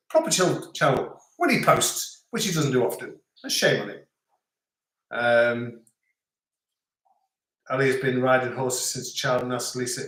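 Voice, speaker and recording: A man's voice: mid-range voice, fairly bright tone. A middle-aged man hosting a live stream, chatting casually and rambling as he reads out viewer comments. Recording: echoey room.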